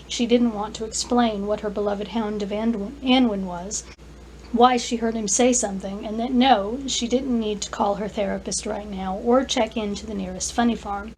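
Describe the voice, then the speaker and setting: A woman author reading her own fantasy story aloud, careful and clear, with small restarts. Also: mid-range voice, fairly even intonation, moderate pace, darkish tone, slight background noise, poor audio. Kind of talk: scripted narration, story reading.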